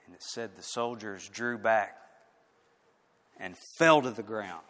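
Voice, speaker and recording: A man preaching a sermon, swinging from loud, emphatic declarations to hushed, quiet lines. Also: fairly low pitch, slow. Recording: echoey hall with long reverb.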